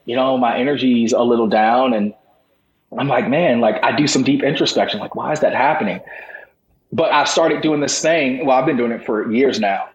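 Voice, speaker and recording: A man's voice: medium pitch, brisk, highs cut off. A man talking as a podcast guest and motivational speaker, emphatic and preacher-like, with rising bursts of intensity. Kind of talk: impassioned motivational talk. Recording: roomy echo, faint background noise.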